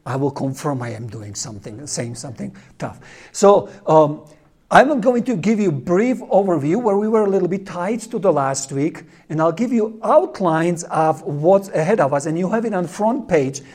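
A man from Czechoslovakia, teaching a class and telling animated stories that he laughs through. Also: on the high side, moderate pace, husky. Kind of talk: storytelling lecture.

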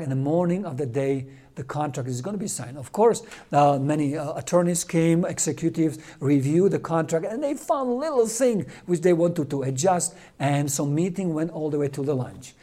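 A man, a Catholic priest, telling a story in a sermon, halting and repeating words, with non-native English grammar. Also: high-pitched, mellow.

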